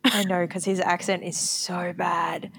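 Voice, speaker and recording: A woman's voice: lowish voice, little pitch movement, unhurried, gravelly, a bit bright, a little hiss or hum. A woman co-hosting a podcast in casual chat, candid and self-deprecating, laughing often. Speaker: podcast co-host.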